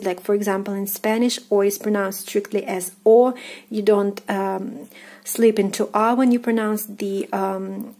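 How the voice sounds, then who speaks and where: A woman with a Russian accent, a native Russian speaker, giving an online language lesson and patiently repeating each word several times with frequent filler pauses. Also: medium pitch, mellow. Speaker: language teacher.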